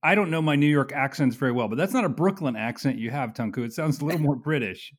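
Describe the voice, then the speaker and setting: A man's voice: mid-range voice, fast. This is a man who hosts an interview. He keeps the talk casual and friendly in tone, moving his guest along with prompting questions and brief follow-ups. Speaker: interviewer, host.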